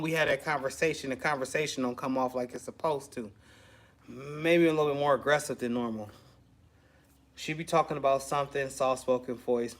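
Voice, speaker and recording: A man's voice: medium pitch, a bit bright. A man, chatting casually to camera in a rambling, laid-back way. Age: 40s. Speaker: custom shirt maker vlogger.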